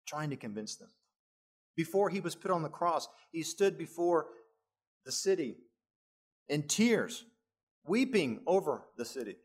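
Male pastor, middle-aged, lively sermon delivery, slightly high voice. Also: normal speed, pauses often, slightly rough. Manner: animated preaching, voice rising for emphasis, chuckling asides.

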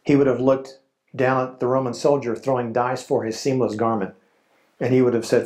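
A man preaching a sermon at a medium pitch. He speaks slowly and solemnly, pausing for weight between phrases. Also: fairly even intonation, a little mellow. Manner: slow, solemn preaching with dramatic pauses. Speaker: pastor.

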